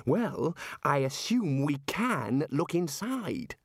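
A man's voice: on the high side, big pitch swings, takes it slowly, slightly rough, dry recording, clean studio sound, voice pushed up, full character voice. A man voicing an eager, fussy young wizard scholar who explains things keenly, in an audiobook. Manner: keen, explanatory, nervy.

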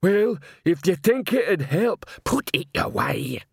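A man voicing a huge, slow-witted troll policeman who talks slowly and ponderously in a storybook reading. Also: high-pitched, sing-song, gravelly, slightly rough, no room sound, clean studio sound, pitched above the performer's own voice, full character voice.

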